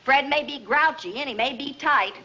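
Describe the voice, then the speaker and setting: An actress playing a good-natured best friend who talks in a chummy, reassuring way, in 1950s sitcom style. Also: female voice, high-pitched, normal speed, bright, forceful tone. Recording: muffled old TV soundtrack, hiss.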